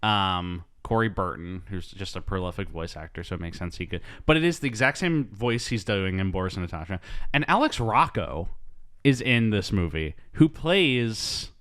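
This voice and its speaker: A man's voice: deep voice, lively intonation, normal speed, a bit bright. A man hosting a podcast in casual chat, rambling and hesitant with many ums. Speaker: podcast host.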